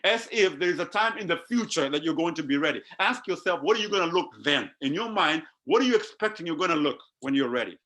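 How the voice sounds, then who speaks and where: A man preaching a sermon to his congregation, animated and calling out to them, often repeating his words. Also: fairly high pitch, fast, hardly any pauses. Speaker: pastor.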